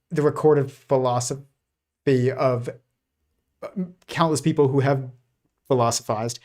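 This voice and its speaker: Rambling man, mid-pitched. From United States. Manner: rambling, many restarts and fillers, laughs softly. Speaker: host. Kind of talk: casual livestream commentary.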